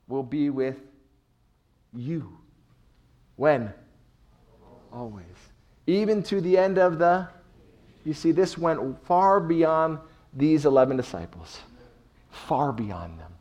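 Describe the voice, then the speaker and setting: A middle-aged male pastor preaching a sermon with emphatic swings between soft and loud delivery. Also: on the high side, lively intonation, slow, pauses often.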